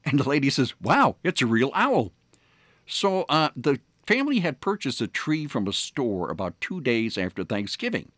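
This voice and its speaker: A man's voice: medium pitch, big pitch swings, moderate pace, hardly any pauses, no room sound, studio quality. A man hosting a morning radio show, telling stories in a rambling way with many fillers and restarts. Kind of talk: casual on-air storytelling. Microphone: studio microphone.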